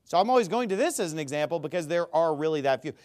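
A man's voice: fairly high pitch, animated, fast, a little mellow. A man giving a ranting commentary, emphatic and sarcastic, who often stammers and restarts his sentences. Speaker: religious commentator.

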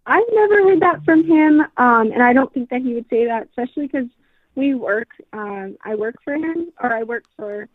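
Young woman, hotline worker, hesitant, higher pitch, tinny phone sound. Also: lively intonation, moderate pace, no echo. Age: young adult. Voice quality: hesitant, lots of ums. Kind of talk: phone conversation.

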